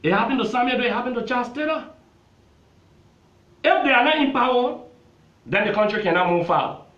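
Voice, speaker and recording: In a TV interview with roomy, dull sound, a Liberian male lawmaker pushes a political point emphatically and repetitively. His voice is very high-pitched and fairly bright, with lively intonation and a brisk pace.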